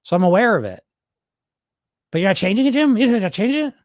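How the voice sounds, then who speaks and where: A middle-aged man coaches his viewers in a blunt, loose way and swears without a second thought. His voice sits a bit high and moves around a lot as he talks. The recording is close and dry, with no room sound. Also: quick pace, dry recording. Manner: blunt, animated, swears freely. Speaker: weight loss hypnosis coach. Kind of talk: casual direct-to-camera talk.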